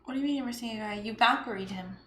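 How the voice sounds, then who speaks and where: A woman's voice: on the high side, rapid-fire. A woman chatting casually while playing a board game, giggling often and counting aloud. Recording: echoey room with clear background noise.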